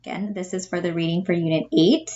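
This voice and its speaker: A woman teacher reading a play's stage directions aloud for her class, plain and steady. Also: lowish voice, quick pace, lo-fi sound.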